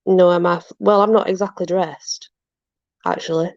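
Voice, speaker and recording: A woman's voice: on the low side, steady tone, normal speed, darkish tone, no room sound. Woman, casual chat, self-deprecating, muffled lo-fi sound. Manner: self-deprecating, chatty, fussing over her dogs. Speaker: channel host with dogs.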